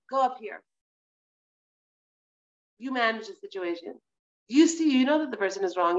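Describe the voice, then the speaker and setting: A woman with a slightly high voice teaches an online Torah class with animated, emphatic energy. She slips into other voices to make her points. She is heard over a video call. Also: highs cut off. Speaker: Torah teacher and motivational speaker.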